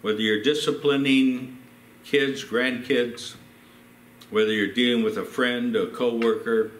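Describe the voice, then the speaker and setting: A man's voice: mid-range voice, fairly even intonation, unhurried. Older man preaching in an echoey church. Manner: storytelling with acted quotes. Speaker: pastor. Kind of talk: sermon.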